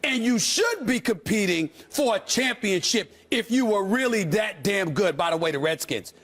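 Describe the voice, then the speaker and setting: A man ranting loudly and sarcastically as a commentator in a heated sports debate. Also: high voice, animated, normal speed. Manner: loud, sarcastic, emphatic ranting.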